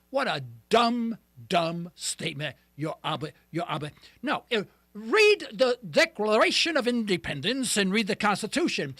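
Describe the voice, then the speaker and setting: A man's voice: high voice, big pitch swings, moderate pace, sharp tone, no echo. A man hosting a call-in talk radio show, ranting and joking with sound effects.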